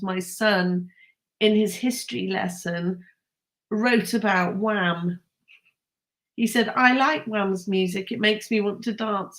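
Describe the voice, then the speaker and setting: A woman's voice: mid-range voice, lively intonation, measured pace. A woman, chatting casually with live viewers, enthusiastic and laughing often. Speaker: host.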